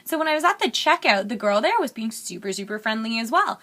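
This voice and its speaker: Bright-voiced chatty woman vlogger. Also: fairly high pitch, sing-song, fast talker. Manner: rambling, candid, filler-heavy chatter. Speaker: beauty vlogger. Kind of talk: chatty get-ready-with-me makeup vlog.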